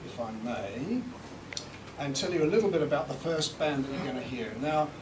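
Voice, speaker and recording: A man's voice: on the high side, expressive, normal speed, a little mellow. A British man presenting a live seminar to an audience, chatty and joking as he demonstrates. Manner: chatty, joking, swearing lightly. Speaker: seminar presenter, recording engineer. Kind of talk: live seminar talk and demo. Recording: echoey room from far off, with background noise.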